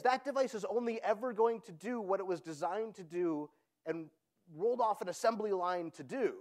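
A man giving an energetic conference keynote, often checking in with the audience by asking "right?". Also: high voice. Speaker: conference speaker. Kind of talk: keynote talk.

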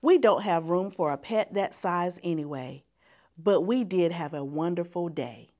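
A woman's voice: lowish voice, unhurried, a little mellow, close to an everyday voice. A woman voicing a cheerful young boy in a storybook reading, upbeat in tone.

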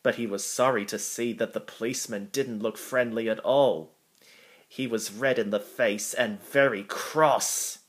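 A man reading a children's storybook aloud in a measured way. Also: mid-range voice, fairly even intonation, husky.

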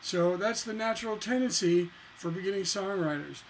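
Over the sound of his own guitar, a high-voiced man teaches songwriting at a moderate pace, tossing in jokes and breaking into sung lines. The audio quality is rough.

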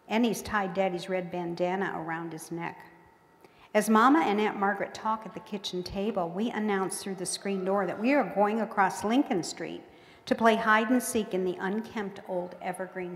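A woman's voice: mid-range voice, fairly even intonation, normal speed. A woman author reading her book aloud with folksy storytelling in a museum courtroom. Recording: echoey hall with long reverb.

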